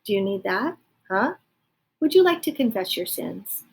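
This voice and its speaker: A woman voicing a soft-spoken male rat who longs for light and coaxes a prisoner. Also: medium pitch, very animated, normal speed, heavily acted. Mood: wheedling. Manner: hushed, breathy, wheedling.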